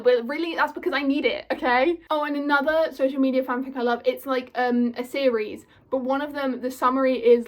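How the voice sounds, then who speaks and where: A young woman, gushing in a casual vlog and filling her talk with "like". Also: high-pitched. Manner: gushing, filler-heavy, full of "like". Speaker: vlogger.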